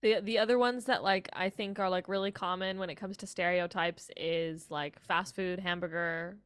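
A woman's voice: on the low side, steady tone, moderate pace, clean tone, no room sound. Rambling young American woman. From Colorado, United States. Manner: rambling, heavy "like" fillers, acts out quoted voices. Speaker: interview guest, music student. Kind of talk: casual chat.

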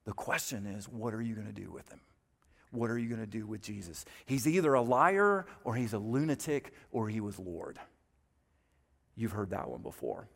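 A pastor preaching a sermon in an earnest, emphatic way, building up with repeated phrases. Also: male voice, lowish voice, animated, normal speed, vocal fry, a bit bright. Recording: long reverb of a large hall.

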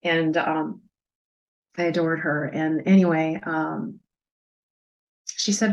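Soft-spoken reflective woman in her fifties. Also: sits low, steady tone, slow pace, pauses often, lo-fi sound. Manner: reflective, soft, hesitant with many fillers. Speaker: interview guest. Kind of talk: personal storytelling.

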